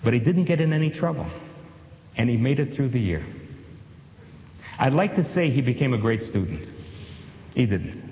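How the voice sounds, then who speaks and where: A man's voice: mid-range voice, animated. Man telling a story in an echoey hall. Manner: measured, slows down on key phrases. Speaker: storyteller, former teacher. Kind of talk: told personal story. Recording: dull sound in an echoey hall.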